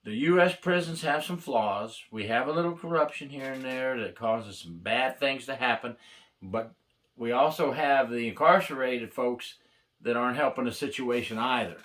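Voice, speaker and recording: A man of medium pitch and slightly bright tone, speaking at normal speed, is an older retired corrections officer from the US. Casual and plainspoken, he tells the camera blunt, wry tales from prison.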